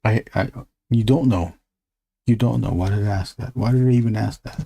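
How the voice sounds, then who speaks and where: A man's voice: lowish voice, normal speed, vocal fry, dark tone, breathy edge. A man hosting a drawing live stream, chatting casually in a rambling, joking way and swearing freely. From United States. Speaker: artist and live stream host.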